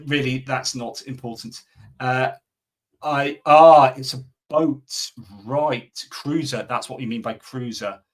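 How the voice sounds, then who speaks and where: A middle-aged man hosting a live stream, chatting casually and answering viewer comments, with lots of fillers and restarts. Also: mid-range voice. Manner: rambling, many fillers and restarts.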